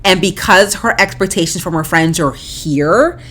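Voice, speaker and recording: A woman's voice: on the low side, unhurried, a bit bright. A woman hosting a podcast, giving casual, opinionated commentary with frequent fillers and restarts. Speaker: podcast host. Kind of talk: casual commentary on a reality show.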